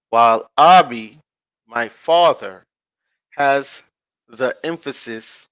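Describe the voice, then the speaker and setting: A man with a bright, forceful voice talks at a slow, deliberate pace while reading from a screen to his online audience. He stops often to check in with his viewers in relaxed slang. The sound is dry and close, with no room echo. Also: medium pitch. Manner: slow, drawn-out reading with frequent checks to the listeners; addresses viewers directly in casual slang. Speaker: online channel host. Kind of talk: casual commentary reading from a screen-shared page.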